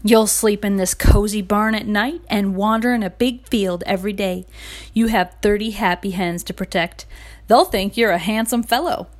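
A woman's voice: medium pitch, fairly even intonation, moderate pace, close to an everyday voice. A woman voicing a cheerful, friendly male farmer in a storybook. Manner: cheerful, easygoing.

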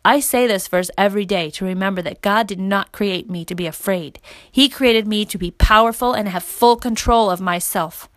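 A woman reading a calm, kindly fireman. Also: mid-range voice, normal speed, no echo, natural voice. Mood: gentle. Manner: gentle, reassuring, earnest.

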